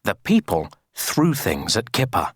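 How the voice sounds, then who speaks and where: A woman reading a children's story aloud for an English lesson, slow and sing-song. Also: very deep voice, sing-song, slightly rough, no echo, clean studio sound.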